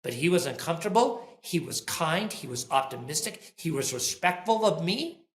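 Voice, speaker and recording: A man's voice: fairly high pitch, normal speed. A man who founded a company, talking in a podcast interview and acting out the voices of people in his stories. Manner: animated storyteller, acts out quoted dialogue. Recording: roomy echo.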